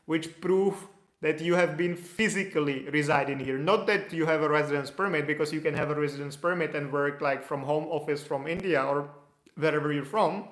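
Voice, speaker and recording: A man's voice: on the high side, steady tone, a little fast, a bit bright, reverberant. A man answering viewer questions in a casual, loose explanatory way, with restarts. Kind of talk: casual Q&A livestream.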